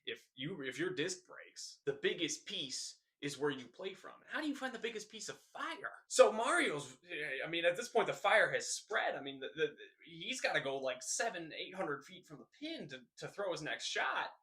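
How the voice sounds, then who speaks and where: A young man hosts a scripted news recap, slipping deadpan jokes between the items. His voice is bright and sits a little high, and his delivery is casual and comic. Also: normal speed, hardly any pauses. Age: young adult. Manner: deadpan jokey delivery, rambling tall tale. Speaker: host.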